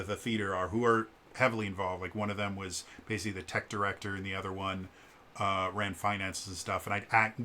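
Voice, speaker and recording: A man telling a casual story in a vlog, animated and acting out the quoted lines, with fillers and stammered restarts. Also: a little hiss or hum. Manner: animated, acts out quoted lines with shifts in pitch. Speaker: vlogger.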